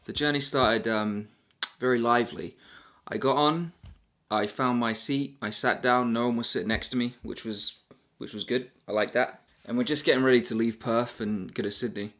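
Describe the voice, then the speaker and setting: A man's voice: medium pitch, fairly even intonation, normal speed, a bit bright. Rambling self-deprecating man telling a travel story. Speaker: travel vlogger. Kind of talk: casual storytelling to camera.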